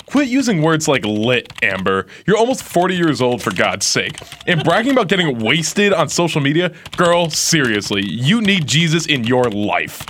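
A man's voice: on the high side, big pitch swings, normal speed, few pauses, fairly bright tone, slight background noise. A man reading the part of a preachy, sarcastic, judgmental woman.

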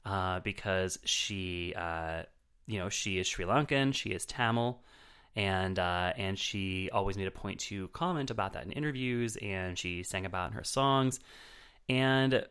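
A man's voice: low voice, unhurried, fairly bright tone, smooth. A man reviewing films on a podcast in casual chat, rambling with lots of fillers and restarts.

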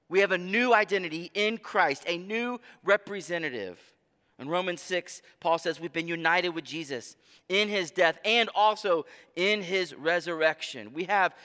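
A man's voice: sits high, bright, forceful tone. Earnest male preacher in an echoing hall. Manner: earnest, emphatic preaching with slow stressed phrases. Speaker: pastor. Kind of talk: sermon.

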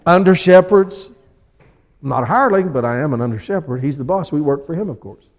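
A man preaching a sermon as pastor, acting out people in little scenes with lively energy. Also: fairly high pitch, brisk, big-room sound. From USA.

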